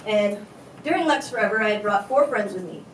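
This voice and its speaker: A woman's voice: mid-range voice, animated, fairly quick. A woman giving a candid, conversational talk on stage, telling a personal story with casual fillers. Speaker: conference speaker. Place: event hall at a tech company. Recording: echoey hall from far off, faint noise.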